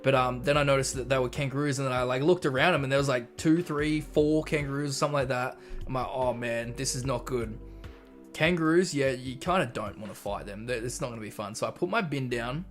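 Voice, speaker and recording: A man's voice: medium pitch, quick pace, hardly any pauses, a bit bright, soft background music. Chatty Australian man streaming live. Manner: chatty, reads chat messages aloud and rambles through anecdotes. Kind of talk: casual live stream chat.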